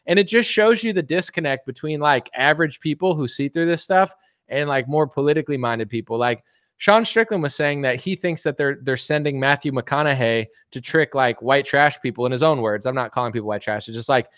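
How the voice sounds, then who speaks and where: A commentary streamer with a medium-pitched, slightly bright voice rambles through a casual political rant, piling on filler words and doing mocking impressions of politicians. He talks briskly, and the recording is dry and close.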